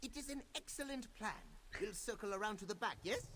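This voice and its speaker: A woman's voice: medium pitch, animated, a little fast, fairly bright tone, slight background noise, close to an everyday voice. A woman voicing a sly, boastful female cat-folk rogue in a video game, teasing and speaking of herself by name. The voice comes from game audio heard at a distance. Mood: playful.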